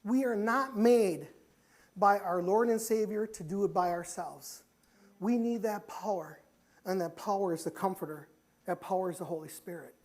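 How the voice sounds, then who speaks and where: A man's voice: high-pitched, moderate pace, a little mellow. A man preaching a sermon in a church, impassioned and repetitive, telling stories and calling his listeners forward. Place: church sanctuary.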